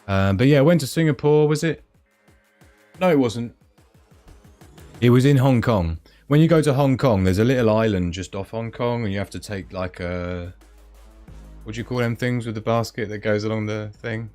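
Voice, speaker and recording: A man's voice: medium pitch, normal speed, darkish tone, no room sound, soft background music. Rambling man, dry close sound. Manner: rambling, chatty, loses his thread. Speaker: livestream host. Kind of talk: casual live-stream chat.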